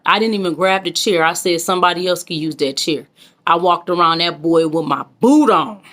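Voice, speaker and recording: A woman's voice: on the low side, fairly bright tone. A woman from Michigan, talking to her viewers in a heartfelt, emotional, preachy way. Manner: emotional, preachy, addresses viewers as kings and queens. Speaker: vlogger. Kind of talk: casual heartfelt vlog talk.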